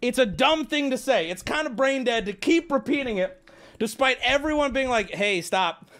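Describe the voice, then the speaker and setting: A young man casually riffing and ranting on a live stream, rambling and swearing, with sudden high squeaky outbursts. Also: animated, moderate pace, a bit bright.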